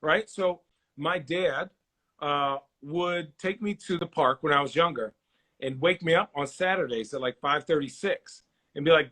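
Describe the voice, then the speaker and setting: A man in his forties who used to play basketball tells stories in a casual interview, animatedly acting out the people he quotes. His voice is fairly high, and he speaks a little slowly.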